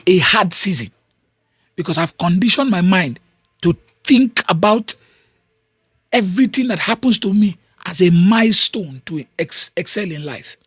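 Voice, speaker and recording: Husky Nigerian man giving a pep talk. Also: high voice, no echo, clean studio sound. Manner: emphatic, repeats phrases. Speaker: podcast host. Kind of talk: motivational talk.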